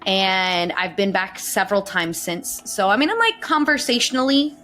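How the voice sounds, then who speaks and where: A woman's voice: mid-range voice, expressive, normal speed, bright, forceful tone. A young woman, a voice actor guest, chatting in a podcast interview, bubbly and laughing often.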